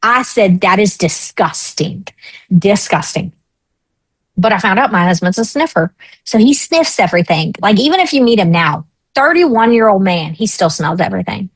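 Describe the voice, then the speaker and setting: A woman's voice: medium pitch, fairly quick, no echo, low-quality recording. A woman in her thirties, a talk show guest, telling a personal story frankly and acting out the voices of the people in it. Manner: lively, frank, acts out quoted voices.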